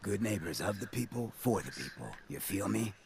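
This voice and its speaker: An actor playing a swaggering, smooth-talking male town mayor in a video game, with a gravelly, hushed, half-whispered delivery. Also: fairly low pitch, big pitch swings, normal speed, a loud crowd. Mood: easygoing.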